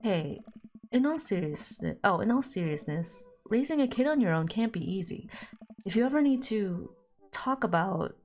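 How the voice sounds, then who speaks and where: A woman's voice: medium pitch, lively intonation, moderate pace, a little mellow, close to an everyday voice. A woman reading the lines of a friendly male neighbor dad in a game, upbeat and folksy. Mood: cheery.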